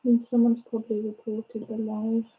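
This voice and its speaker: A woman's voice: fairly high pitch, completely flat delivery, moderate pace, narrow, tinny audio. A woman off-mic explaining things in a plain, matter-of-fact way.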